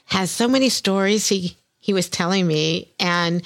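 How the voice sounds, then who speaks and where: An older woman hosts a podcast in a bubbly, easy way, laughing often. Her voice sits a little low for a woman. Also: unhurried. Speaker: podcast host. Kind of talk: casual podcast chat.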